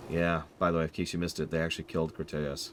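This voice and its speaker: A man's voice: extremely low pitch, completely flat delivery, fast talker, background noise. A man giving casual, opinionated commentary while streaming a game, joking with his chat.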